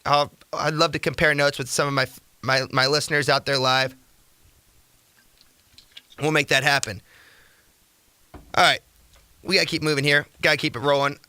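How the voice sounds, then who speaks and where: Young male sports radio host, slightly high, bright and dry studio sound, rambling energetic rants. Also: moderate pace, pauses often, no room sound. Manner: energetic, rambling, rhetorical ranting. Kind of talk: casual sports talk radio.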